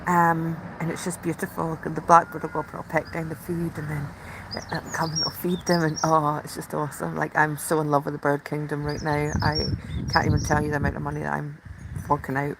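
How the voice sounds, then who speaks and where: A woman's voice: low-pitched, brisk, vocal fry. Chatty woman on a noisy outdoor stream. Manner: chatty, gushing, breaks into excited whispers. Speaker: live stream host. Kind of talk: casual live chat from the tub.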